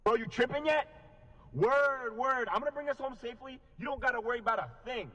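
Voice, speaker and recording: A man in a clip from an online video, talking loudly, pleading at times and breaking into shouts. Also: very high voice, brisk.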